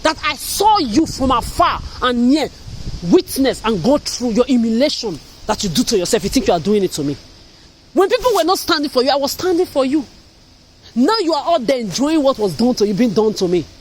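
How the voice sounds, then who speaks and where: A woman from Africa speaks straight to her viewers in a furious, accusatory rant. She curses freely and circles back to the same charges again and again. The delivery is harsh and relentless, with the steady, unscripted cadence of a spoken vlog. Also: high voice, a little fast, slight background noise, low-quality recording. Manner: furious, repetitive, cursing, accusatory. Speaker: vlogger. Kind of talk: angry monologue rant.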